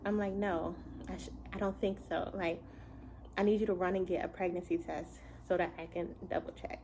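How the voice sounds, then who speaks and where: A young adult woman telling a casual story at home, chatty and animated, often breaking into laughs. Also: on the low side, moderate pace, slight background noise, low-quality recording. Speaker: vlogger and mother.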